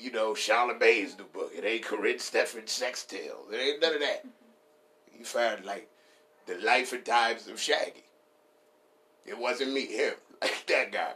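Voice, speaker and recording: A man ranting casually and profanely for laughs, rambling, laughing at his own jokes and jumping into high put-on voices. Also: sharp tone. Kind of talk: casual comedic rant.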